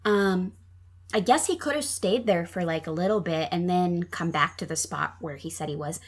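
Chatty husky-voiced woman. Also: on the low side, moderate pace. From Minnesota. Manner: chatty, many ums and likes. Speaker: podcast guest telling a true crime case. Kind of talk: casual storytelling chat.

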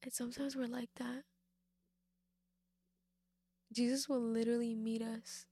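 A young woman with a gravelly, mellow voice reads a Bible passage and talks through it in a devotional style. She speaks slowly and keeps her pitch fairly flat, leaning on repetition for emphasis and staying informal. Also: no room sound, clean studio sound. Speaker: faith speaker. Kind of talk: Bible reading and devotional talk.

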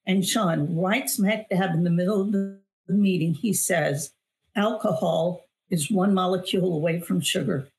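With music in the background, a middle-aged guest on an interview show shares her personal testimony in a fairly low voice with vocal fry, at a measured pace. The author and weight loss coach speaks earnestly and emphatically, repeating phrases for weight.

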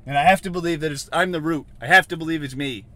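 A man hosting a solo podcast from inside a car, rambling and questioning himself, swinging from mutters to shouts. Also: on the high side, fast. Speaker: podcast host.

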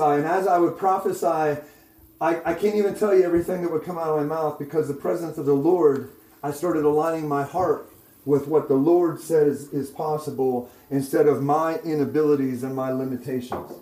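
A male preacher telling a personal testimony in a sermon, checking in with the listeners through frequent "okay?" and "right?" asides and growing loud and excited as the story builds. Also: fairly high pitch, moderate pace. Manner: grows loud and excited while retelling. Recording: echoey room.

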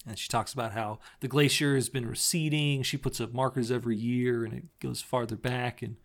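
Podcast co-host, male, gravelly mid-pitch voice, casual scene-by-scene recap with quoted lines. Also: steady tone. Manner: retells scenes with quick quoted voices and frequent laughs. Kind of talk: casual chat recapping a TV episode.

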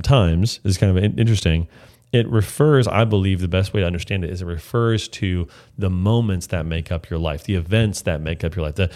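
A man with a low voice walks listeners through a psalm in a devotional teaching. His delivery is earnest and reflective. He slows down deliberately whenever he reads the scripture itself. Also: a little mellow. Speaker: Bible teacher.

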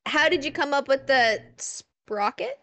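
A woman's voice: sits high, animated, measured pace, a bit bright. A woman co-hosting a podcast, chiming in casually and giggling along. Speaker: podcast co-host.

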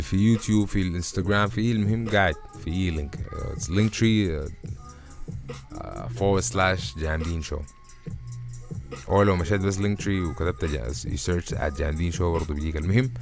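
A young male host rattles along at a fast clip in a low register. His talk is slangy, loose and casual, and he switches languages freely as he chats with his live audience. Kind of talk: casual livestream chat.

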